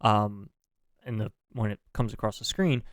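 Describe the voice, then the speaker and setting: A man's voice: lowish voice, moderate pace, no room sound, clean studio sound. A man co-hosting a casual wrestling podcast, reading out a news update with lots of fillers and apologies. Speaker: podcast co-host.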